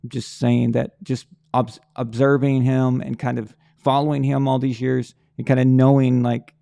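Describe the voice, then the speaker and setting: Gravelly-voiced man hosting a rambling sports stream. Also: medium pitch, level tone, normal speed, warm tone. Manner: rambling, stumbling restarts and repeated words. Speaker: live show host. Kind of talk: casual sports talk livestream.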